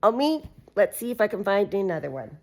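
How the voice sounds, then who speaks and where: A woman's voice: mid-range voice, big pitch swings, fairly quick. A woman reading a farm animal picture book aloud to a small child, making the animal sounds in a sing-song way. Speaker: reader for a child.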